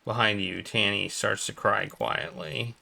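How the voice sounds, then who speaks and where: A man streaming a game, reading its text aloud in a flat storytelling tone and breaking off into playful asides. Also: fairly low pitch, measured pace, gravelly. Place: home streaming setup.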